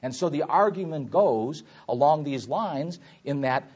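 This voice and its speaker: A man preaching a Bible teaching sermon, swelling loud on quoted scripture and dropping low on asides. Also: animated, moderate pace, few pauses, slightly rough, muffled recording.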